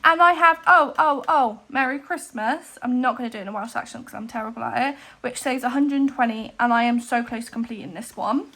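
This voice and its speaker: A young woman with a high, light voice chats to her camera in a casual vlog. She rambles happily, fills gaps with "um" and breaks off for quick asides. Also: bright, forceful tone. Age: 20s. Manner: chatty, rambling, many "um"s, frequent asides. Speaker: cash stuffing vlogger.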